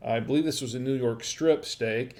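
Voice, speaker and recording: A man's voice: medium pitch, normal speed, a little mellow. A man hosting a casual wine-tasting livestream from home, rambling with lots of fillers and restarts, friendly and chatty with his viewers. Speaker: wine review livestream host. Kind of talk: casual live-stream chat.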